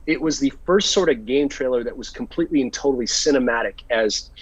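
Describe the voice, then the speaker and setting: In a casual interview, a male American actor looks back on his career, playing out the words others said to him as a lively storyteller. His medium-pitched voice is slightly rough and quick-paced, captured with no echo but a dull, somewhat lo-fi sound.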